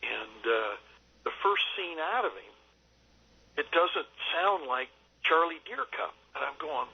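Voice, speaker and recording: A man's voice: on the high side, expressive, vocal fry, husky. Older man telling stories on a lo-fi line. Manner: halting, many "uh" fillers and restarts. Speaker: film director. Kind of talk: radio interview, anecdotal storytelling. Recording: dull lo-fi radio line.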